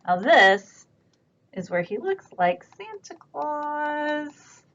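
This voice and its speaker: A woman librarian leads a children's storytime at a slow, gentle pace, coaxing little listeners with questions. Her voice sits fairly high. The camera audio is dull and lo-fi with a faint hiss behind. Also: very animated. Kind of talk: virtual children's storytime reading. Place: library room, indoors. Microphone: camera on a stand.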